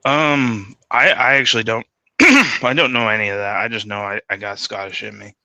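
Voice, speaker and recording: A man's voice: lowish voice, moderate pace, bright, forceful tone, no room sound. A man chatting casually as a guest, laid-back and hesitant, laughing a lot. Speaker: podcast guest. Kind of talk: casual chat.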